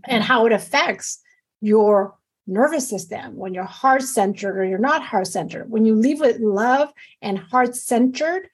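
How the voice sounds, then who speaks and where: Middle-aged woman doctor, husky and a touch high, talks fast and emphatically in casual interview chat. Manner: animated, emphatic, many fillers. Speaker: physician guest.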